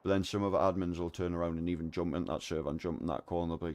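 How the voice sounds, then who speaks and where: A man, streaming and chatting casually, telling a lively anecdote full of swearing. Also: low-pitched, very fast, hardly any pauses. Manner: animated storyteller, swears a lot, acts out voices in anecdotes. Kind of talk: casual gaming chat and storytelling.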